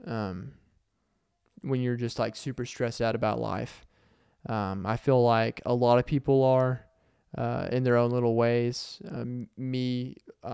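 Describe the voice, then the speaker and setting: Rambling young Southern man, smooth and dry. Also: medium pitch, a little mellow, no room sound. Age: young adult. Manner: earnest and rambling, many ums and uhs. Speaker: podcast host and stand-up comedian. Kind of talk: casual solo podcast talk. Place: corner of a warm room.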